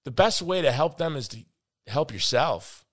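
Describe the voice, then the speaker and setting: A man's voice: a little high, expressive, moderate pace, fairly bright tone. A man hosting a podcast, talking in a casual, earnest and motivational way. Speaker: podcast host. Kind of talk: casual conversation.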